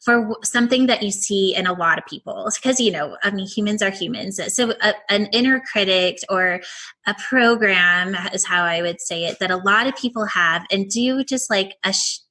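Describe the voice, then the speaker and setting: A woman hosting an interview, enthusiastic and affirming, reacting warmly to her guest. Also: mid-range voice, normal speed, rough recording. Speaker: podcast host. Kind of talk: conversational interview.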